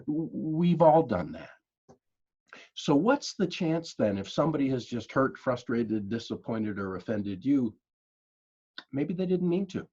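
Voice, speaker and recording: A man giving a folksy, animated coaching talk on conflict, speaking straight to his listeners and calling them folks. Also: medium pitch, breathy edge, highs cut off. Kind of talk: motivational coaching talk to camera.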